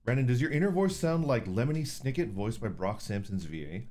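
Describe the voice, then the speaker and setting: A man's voice: mid-range voice, lively intonation, fairly quick, warm tone. A man streaming under an orc persona, casually chatting with viewers, reading super chats, laid-back and profane, laughing often.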